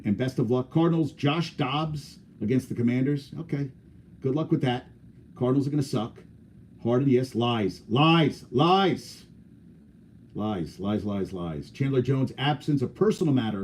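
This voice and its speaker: A man's voice: mid-range voice, mellow, a little hiss or hum. A man hosting a sports podcast, talking casually in a blunt, opinionated, rambling way.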